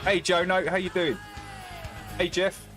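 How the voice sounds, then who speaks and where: A man's voice: high-pitched, level tone, a little slow, over music. A man with an Essex and North London accent, hosting a casual livestream and chatting bluntly with his viewers in a rambling way. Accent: Essex / North London English. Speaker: livestream host.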